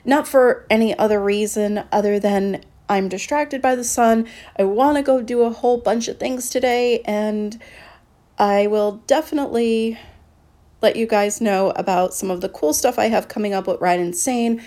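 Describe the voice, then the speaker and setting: Woman podcast host, solo casual monologue, mellow tone, blunt and profane, drifts between topics. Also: fairly high pitch, normal speed. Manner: candid and blunt, swears freely, drifts off on tangents.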